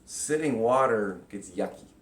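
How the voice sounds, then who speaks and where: Animated man teaching in an echoey room. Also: a little slow. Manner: animated, acts out inner voices with sudden loud high bursts. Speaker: spiritual workshop teacher. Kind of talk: casual spiritual teaching talk.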